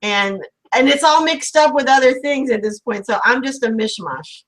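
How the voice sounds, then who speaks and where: A woman's voice: on the high side, expressive, normal speed, fairly bright tone, poor audio. A woman from St. Louis, Missouri, hosting a casual video-call interview, chatty and teasing in her questions. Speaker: podcast host.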